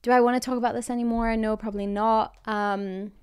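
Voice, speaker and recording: A young Scottish woman in her twenties talks to her listeners like a close friend, her accent mild and a little American. Her voice is smooth and clean, and her chat is loose and full of quick laughs and fillers. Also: on the high side, flat delivery, darkish tone. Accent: Scottish with an American tinge. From Scotland. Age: 20s. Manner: chatty, lots of likes, quick laughs. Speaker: podcast host. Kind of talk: casual chat.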